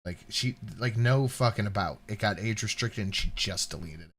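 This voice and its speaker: A man's voice: on the low side, normal speed, fairly bright tone. Casual swearing man hosting a stream. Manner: loose, swearing, distracted banter. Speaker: co-host of a reaction stream. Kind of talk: casual livestream chat.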